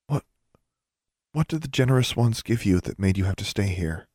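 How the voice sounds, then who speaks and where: A man's voice: lowish voice, animated, normal speed, no echo, studio quality. A man voicing a young witch girl who talks urgently and sometimes in a small voice. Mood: anxious. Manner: urgent hissing, then soft.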